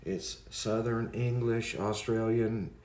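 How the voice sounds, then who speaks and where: A man's voice: fairly low pitch, fairly even intonation, takes it slowly, a little mellow, reverberant. A man hosting a livestream, chatting casually and rambling as he greets viewers in the chat by name. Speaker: livestream host.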